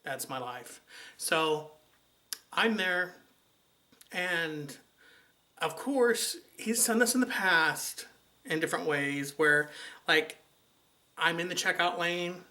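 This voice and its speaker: Bright-voiced man telling a story. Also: fairly high pitch, slow pace, long pauses. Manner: chatty, exasperated, sarcastic storytelling. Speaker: vlogger. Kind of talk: casual storytelling to camera.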